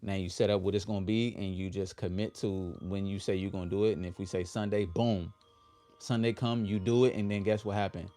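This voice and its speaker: A man with hosting a motivational livestream, leading affirmations with his audience in an upbeat, drawn-out way. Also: deep voice, steady tone, warm tone. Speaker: livestream host.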